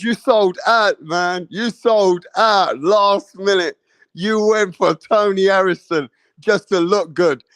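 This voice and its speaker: A man's voice: high-pitched, a bit bright, no echo. A man who hosts boxing commentary, mocking and taunting a viewer in a profane, repetitive rant. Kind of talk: ranting reaction commentary.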